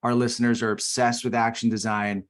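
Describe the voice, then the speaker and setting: Man, podcast host, mid pitch, halting, casual. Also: level tone. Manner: halting, restarts often. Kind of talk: casual interview.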